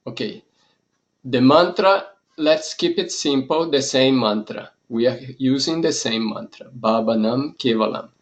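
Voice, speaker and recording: Slow-paced male yoga teacher. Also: medium pitch. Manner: slow, measured teaching in short phrases. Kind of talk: spoken course lesson.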